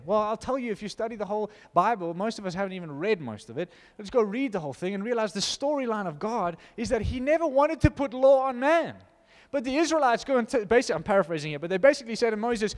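Impassioned high-voiced male preacher in a reverberant hall. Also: expressive, fast talker, hardly any pauses. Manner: impassioned, swings from loud to hushed. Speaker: pastor. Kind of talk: sermon.

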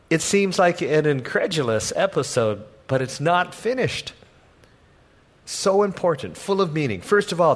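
A man preaching a sermon as pastor, telling the story in a lively way and acting out the people in it with humor. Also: fairly high pitch. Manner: animated storytelling, acts out voices with humor.

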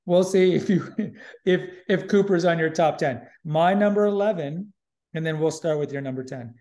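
A man's voice: a little high, normal speed, dark tone. A man hosting a podcast in casual chat, opinionated and emphatic, often repeating himself. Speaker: podcast host.

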